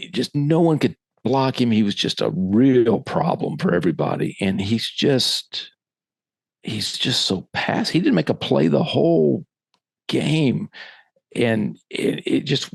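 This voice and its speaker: A man, a former middle school football coach, telling a lively story in casual podcast talk and acting out the voices he quotes. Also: mid-range voice, vocal fry, slightly rough, no echo.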